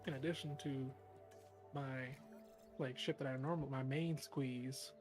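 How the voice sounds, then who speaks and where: A mid-pitched co-host chatting casually on a game stream, rambling along through many "like"s and "um"s and swearing offhandedly. Faint music sits behind the voice. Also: fairly even intonation, measured pace. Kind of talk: casual chat.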